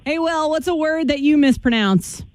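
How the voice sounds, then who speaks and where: A woman's voice: high voice, moderate pace, darkish tone, no room sound. A woman co-hosting a morning radio show, chatting casually and playfully with her partner and callers. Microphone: studio microphone.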